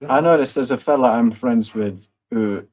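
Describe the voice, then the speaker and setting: A man's voice: medium pitch, normal speed, a little mellow, muffled recording. A young man with a rambling, self-mocking manner, hosting a casual livestream chat. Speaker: livestream host.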